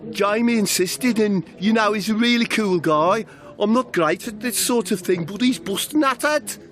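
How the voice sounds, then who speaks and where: A man's voice: normal speed, lightly acted. A man voicing a chirpy, overfriendly father in a comedy role-play, bubbly and eager to please. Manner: high, bubbly, overly cheerful.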